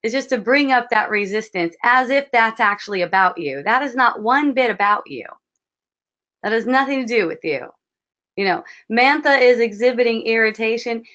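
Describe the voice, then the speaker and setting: A woman with a somewhat high voice guides listeners through relationship advice in an online session. She talks gently and thoughtfully and circles back over her own phrases. The audio is dull and muffled. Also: expressive, normal speed. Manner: gentle, reflective, repeats phrases. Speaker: spiritual teacher. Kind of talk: online wisdom dialogue, advising.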